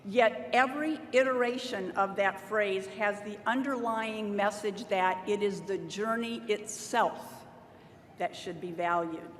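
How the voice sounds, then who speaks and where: A middle-aged woman, a university staff member, giving a motivational commencement address from a podium microphone and drawing cheers from the audience. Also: medium pitch. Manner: deliberate, motivational, rallies the crowd for call-and-response cheers. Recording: roomy hall with long reverb, faint noise.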